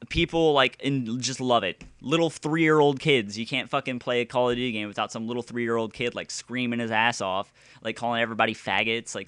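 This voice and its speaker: Angry man ranting, voice smooth and dry. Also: mid-range voice, dry recording. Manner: exasperated, with sudden loud outbursts. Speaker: gaming video ranter. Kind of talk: profane angry rant.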